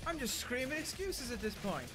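A young man giving frustrated gameplay commentary, swearing loudly and muttering exasperated asides while playing a shooter, with game music and gunfire behind him. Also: very high voice, sing-song, normal speed. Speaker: gaming YouTuber.

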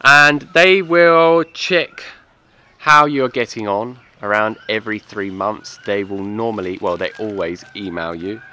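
A man's voice: lowish voice, measured pace, sharp tone. A man giving a casual, enthusiastic review to camera, chatty and repetitive, with a slight lisp from wearing aligners. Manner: chatty, repeats "like I said" and "yeah"; enthusiastic recommending. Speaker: vlogger reviewing his aligners.

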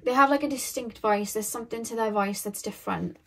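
A woman's voice: a little high, a little fast, creaky, fairly bright tone, husky. A woman giving a casual pick-a-card tarot reading to her viewers, rambling and thinking aloud with lots of filler words.

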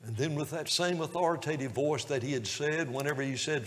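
A man preaching a sermon, telling a story in hushed tones that builds to loud, impassioned preaching. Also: on the high side, brisk. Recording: long hall reverb.

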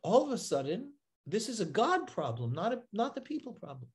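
A man's voice: sits high, a little fast. A man, a rabbi, giving a live Torah lesson. He reads Hebrew verses, explains them and often checks in with "right?". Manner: animated, checks in with frequent "right?". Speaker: rabbi teaching a Torah class.

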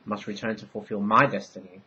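A man's voice: on the low side, level tone, a little fast, bright, forceful tone, breathy edge, dull audio, exaggerated voice. A man voicing a young Minoan priestess, speaking earnestly and pleading in a raised voice.

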